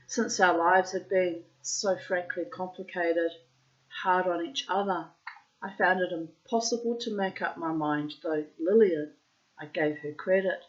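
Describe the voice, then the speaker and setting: A woman reads a literary short story aloud at an unhurried, measured pace. Her voice sits on the lower side for a woman. The recording sounds dull and lo-fi. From child of migrants. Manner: slow, measured narration. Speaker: reader.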